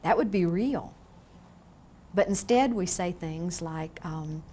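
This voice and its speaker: A woman lecturing a class on grief in a frank, lively way, often asking the room questions. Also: lowish voice, slow pace, a little hiss or hum. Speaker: grief educator. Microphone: on camera, room mic.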